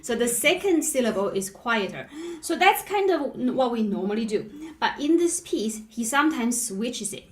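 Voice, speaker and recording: A woman's voice: fairly high pitch, very animated, normal speed, few pauses, roomy sound. A woman piano teacher explaining patiently and checking in with "right?" after nearly every phrase. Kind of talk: live online piano lesson.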